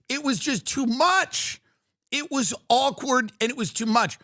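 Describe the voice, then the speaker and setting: A man's voice: very high voice, measured pace, dry recording, studio quality. A middle-aged man from New York, telling rambling, jokey stories on a live stream. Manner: rambling, animated, jokey rants with quoted impressions. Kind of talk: casual live-stream storytelling.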